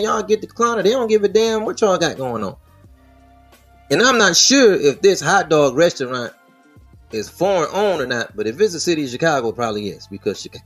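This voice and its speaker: A man hosting a podcast, talking through the news in casual, slangy, profane commentary. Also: a little high. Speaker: podcast host.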